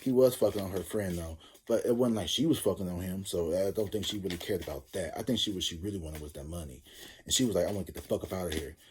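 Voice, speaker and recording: This male tarot reader has a deep, fast, slightly mellow voice, with a faint hiss or hum underneath. His casual reading turns into a rambling, profane, joke-filled story.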